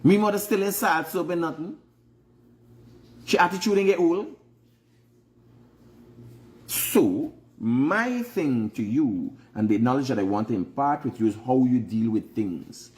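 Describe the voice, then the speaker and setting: Speaking as host of his vlog, a Guyanese man shares frank life advice in a casual, preachy monologue, repeating key phrases. His mid-range voice is animated and a little mellow, slightly slow, with long pauses.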